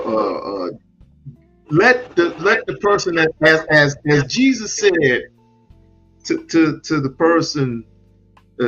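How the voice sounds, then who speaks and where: A man hosting a talk show with a halting, slow delivery and many restarts. His pitch swings widely. The sound is a little dull, with faint music behind him. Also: a bit bright. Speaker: host. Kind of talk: casual chat.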